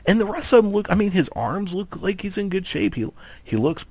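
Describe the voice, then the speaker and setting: A man's voice: sits high, a little fast, vocal fry, dry recording. A man co-hosting a wrestling podcast, talking casually and rambling with lots of restarts. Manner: rambling, animated, many restarts. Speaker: podcast co-host. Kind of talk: casual chat.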